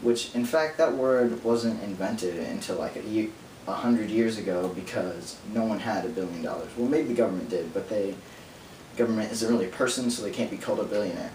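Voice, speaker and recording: A man's voice: lowish voice, a little mellow. Rambling nerdy man, echoey room. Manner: rambling, rapid-fire, nerdy tangents. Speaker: vlogger. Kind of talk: casual rambling monologue. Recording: roomy echo from distance, faint hum.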